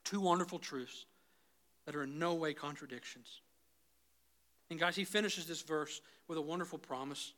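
A man preaching a sermon as pastor, swinging between loud, rising intensity and soft, low pleading, often calling the congregation "guys". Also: normal speed, pauses often. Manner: repeatedly addresses the congregation as "guys".

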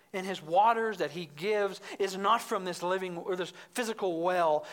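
A woman preaching an expository sermon in an emphatic way, getting higher and louder as she stresses her points. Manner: emphatic, rises in pitch and volume when stressing points.

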